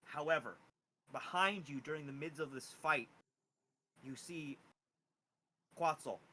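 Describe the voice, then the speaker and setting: A man narrating as game master of a tabletop game, animated and lively with frequent rising emphasis. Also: measured pace, slight background noise, low-quality recording. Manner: animated, pitch jumping on key words.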